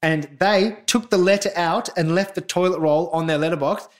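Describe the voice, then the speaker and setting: A man hosting a casual remote podcast chat, telling animated stories with lots of restarts. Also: high voice, normal speed. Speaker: podcast host. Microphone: remote call.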